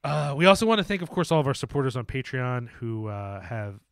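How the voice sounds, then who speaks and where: A man's voice: mid-range voice, sing-song, brisk, gravelly, dry recording, clean studio sound. A man co-hosting a casual film podcast, talking loosely with many fillers, restarts and jokes. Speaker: podcast co-host.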